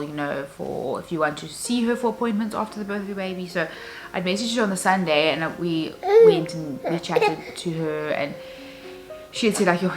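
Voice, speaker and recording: A young mother talks openly to her camera in a casual vlog. Her voice sits a little low for a woman, and she rambles along with plenty of fillers. Music plays clearly underneath her. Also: poor audio. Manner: candid, rambling, many fillers. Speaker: vlogger, new mother.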